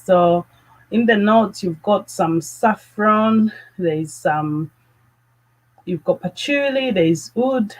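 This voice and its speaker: A woman hosting a live fragrance chat, gushing with excitement and greeting viewers by name. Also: on the low side, rough recording. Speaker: fragrance channel host.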